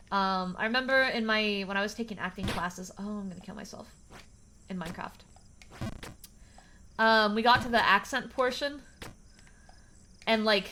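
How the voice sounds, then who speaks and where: A woman's voice: on the high side, bright, forceful tone, a little hiss or hum. A young woman streaming a game, chatting casually in a rambling, self-deprecating way and laughing often. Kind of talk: casual live-stream chat while gaming.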